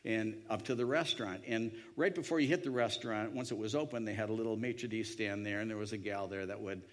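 A man's voice: fairly low pitch, steady tone, fast talker. Rambling male storyteller. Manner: rambling, with many restarts and voiced quotes. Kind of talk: anecdotal storytelling.

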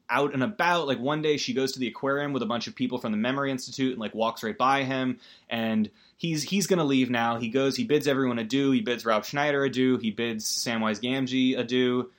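A man's voice: mid-range voice, a bit bright. A man giving a casual, rambling movie recap as a podcast host, full of fillers and wry emotion.

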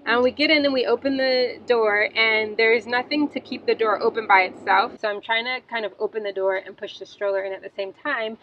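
A young woman, a mother, telling a personal story in a gentle, reflective way, later reading a prayer. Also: fairly high pitch, steady tone, a little fast, few pauses. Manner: gentle, reflective, with soft fillers. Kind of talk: casual storytelling monologue. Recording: slightly dull, faint background hiss.

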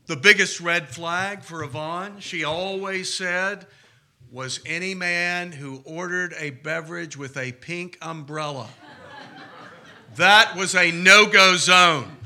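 A man's voice: high-pitched, sharp tone. A man preaching a sermon as a priest, telling stories with humor. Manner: storytelling with humor.

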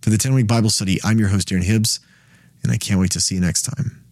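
A man's voice: lowish voice, fairly even intonation, quick pace, darkish tone, no room sound, studio quality. A man hosting a Bible study, teaching in a conversational way and checking in with frequent "right?" questions and restarts.

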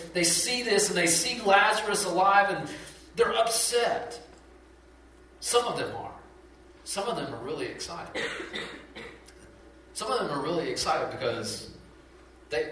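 A man preaching a sermon, telling the story with lively acted-out quotes and frequent repeats and restarts. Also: on the high side, heavy reverb, far from the mic, a little hiss or hum, rough recording. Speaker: pastor.

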